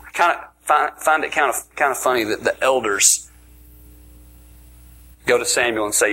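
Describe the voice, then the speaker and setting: A man preaching a sermon in an energetic, emphatic way, often repeating words as he builds his point. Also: medium pitch, moderate pace, breathy edge, rough recording.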